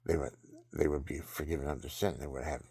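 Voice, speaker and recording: A man's voice: very deep voice, fairly even intonation, fast talker, creaky, darkish tone, husky, no room sound. An older man rambling through personal stories and religious advice, often restarting sentences and chuckling at himself. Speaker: vlogger telling personal stories.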